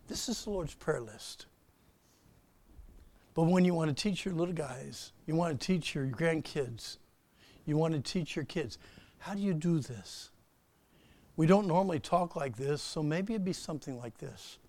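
A man preaching a sermon in an earnest, conversational way, with sudden emphatic bursts, then leading the church in soft, reverent prayer. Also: fairly high pitch, lively intonation, normal speed. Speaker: guest preacher.

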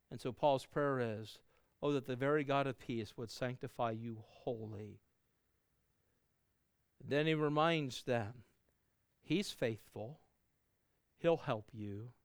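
Middle-aged man, pastor delivering a sermon; earnest, rising and falling delivery, mid pitch, clean dry close mic. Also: dry recording. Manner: earnest preaching, swells louder then drops to soft endings.

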